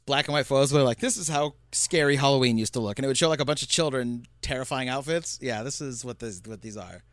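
A man co-hosting a podcast, recapping a film in casual chat, animated, acting out quotes and laughing often. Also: medium pitch, quick pace, no room sound. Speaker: podcast co-host.

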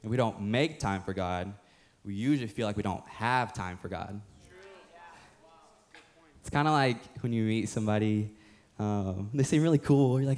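A man's voice: lowish voice, moderate pace, long pauses, a little mellow. Joking young male pastor preaching. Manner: casual, joking, acts out quoted voices. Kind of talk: sermon.

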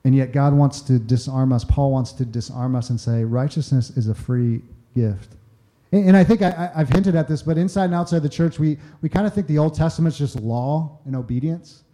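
A man's voice: mid-range voice, fairly quick, warm tone. A man preaching a conversational sermon, often acting out quoted voices and repeating words as he starts sentences. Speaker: pastor.

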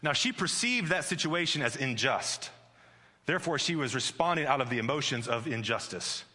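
A man's voice: mid-range voice, lively intonation, normal speed, sharp tone. A man preaching a sermon as pastor in a chatty, joking way, often restarting his sentences. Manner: conversational and joking, with frequent restarts and "like". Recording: long hall reverb.

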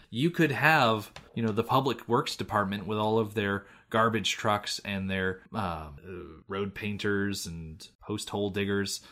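A man's voice: lowish voice, a bit bright. An American man co-hosting a podcast, rambling in casual chat and laughing often. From United States. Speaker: podcast co-host.

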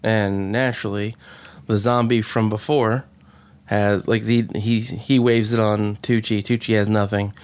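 A man casually recapping a movie with sarcasm and profanity, mocking its lines in quick impressions. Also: on the low side, flat delivery, clear, resonant tone. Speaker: podcast co-host. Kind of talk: casual movie review chat.

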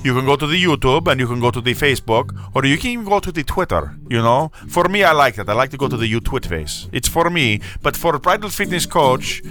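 A man's voice: mid-range voice, expressive, a little fast, hardly any pauses, bright, forceful tone, faint music behind. A man putting on a flamboyant accented darling-type. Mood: mock-glamorous. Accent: put-on Spanish. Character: flamboyant man with a put-on Spanish accent calling everyone darling. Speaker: host doing a sponsor read. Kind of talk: comedic ad read in character.

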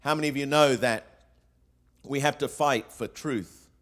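A man's voice: mid-range voice, unhurried, fairly bright tone. Man preaching a sermon. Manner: preaching with rhetorical questions and quotes, frequent fillers and restarts. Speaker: pastor.

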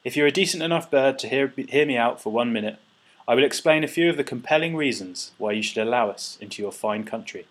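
Bold, tetchy pigeon, straight-talking, husky, voiced by a man. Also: mid-range voice, fast, natural voice. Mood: persuasive. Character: stubborn male French pigeon, tetchy and bold.

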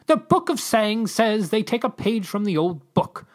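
A podcast reader voicing a fussy male alien ambassador in a high, theatrical, drawn-out voice. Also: big pitch swings. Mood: lecturing. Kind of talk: podcast story reading.

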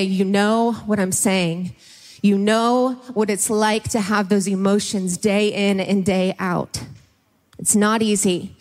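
A woman's voice: medium pitch, a little mellow. A young woman from Ohio speaking to a church congregation, emotional and laughing, often close to tears. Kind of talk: Mother's Day church talk. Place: large church hall. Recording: long reverb of a hall.

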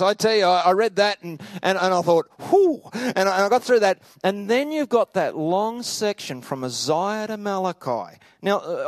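Australian male teacher, high voice, dry close sound; chatty, stumbling storyteller. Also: no room sound. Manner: rambling, humorous, full of stammered restarts. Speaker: Bible teacher. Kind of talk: anecdotal teaching talk.

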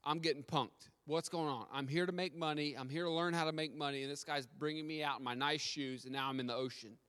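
A man's voice: a little high, fairly even intonation, quick pace, a bit bright, smooth, lightly acted. A man voicing a flustered young businessman. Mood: exasperated. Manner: stammering, exasperated. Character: eager young male businessman, growing frustrated. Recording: long hall reverb.

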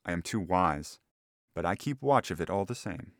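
A man reads a classic story in a measured, deliberate way. His voice is low, and the studio recording is dry and close. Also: lively intonation, fairly bright tone, dry recording. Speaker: audiobook narrator. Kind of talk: scripted narration of a classic story.

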